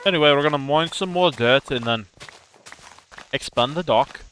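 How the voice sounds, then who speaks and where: A man's voice: on the high side, moderate pace, fairly bright tone, a little hiss or hum. A man giving casual, rambling gameplay commentary, joking at himself and drifting into silly humming. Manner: rambling and self-mocking, breaks into silly song. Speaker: gaming channel host.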